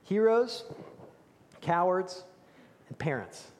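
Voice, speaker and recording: A man preaching a sermon, telling the story with animated emphasis and dropping to hushed tones for key moments. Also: high-pitched, slow. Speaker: pastor. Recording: reverberant hall.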